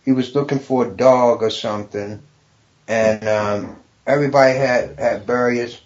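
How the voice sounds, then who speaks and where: A middle-aged man, a stand-up comedian guest, telling a story in a profane, animated way, laughing often. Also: medium pitch, unhurried, slight background noise. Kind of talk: casual storytelling. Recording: dull lo-fi podcast recording.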